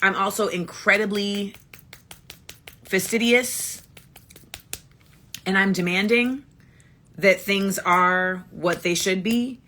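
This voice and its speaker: Her voice sits in the middle range with a sharp edge, and she takes her time, leaving long pauses. She's hosting a casual phone livestream, talking bluntly and emphatically while repeating her points again and again.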